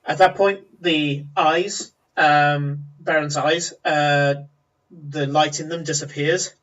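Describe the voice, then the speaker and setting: A man narrating a tabletop game as game master, descriptive and pausing with fillers. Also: fairly high pitch, steady tone, a bit bright, lo-fi sound. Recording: voice a bit far from mic.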